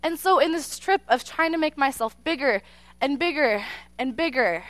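A woman giving a personal faith testimony to an audience, telling her story expressively with dramatic pauses and talking straight to her listeners. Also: high voice, animated, a bit bright, dry recording. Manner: addresses the listeners directly.

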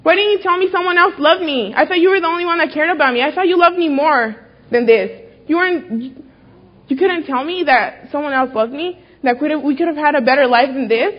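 A woman voicing a young man who pleads with his best friend in a high, loud outburst. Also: fairly quick, natural voice. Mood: anguished. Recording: dull lo-fi recording.

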